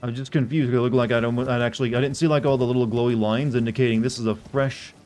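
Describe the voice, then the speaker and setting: A man's voice: mid-range voice, steady tone, quick pace, darkish tone. A man casually commenting on his gameplay live, rambling and correcting himself as he chats with viewers. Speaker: game streamer.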